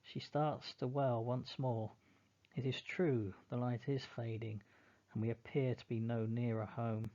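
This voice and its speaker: A man narrating a novel in the first person, in a slow, measured, mournful reading. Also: mid-range voice, level tone, mellow, dull audio.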